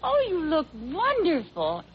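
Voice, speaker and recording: A friendly housewife, high voice, lively pitch, muffled old radio recording. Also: female voice, takes it slowly, heavily acted. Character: cheerful young housewife. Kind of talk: 1950s radio sitcom acting. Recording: muffled old radio broadcast with faint hiss.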